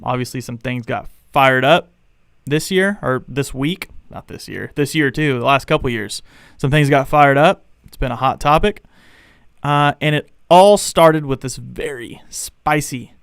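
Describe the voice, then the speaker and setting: A man's voice: mid-range voice, unhurried, creaky, a bit bright, clean tone, no room sound, clean studio sound. A man, likely a young adult, hosting a live fan podcast in a rambling, opinionated way and calling out people in the chat. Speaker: podcast host.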